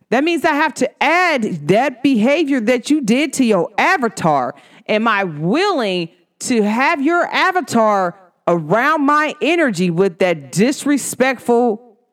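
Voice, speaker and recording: A blunt, outspoken woman speaks casually to the camera. Her voice is smooth and resonant, and she talks with emphatic energy, putting on other people's voices when she quotes them. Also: fairly high pitch. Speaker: vlogger.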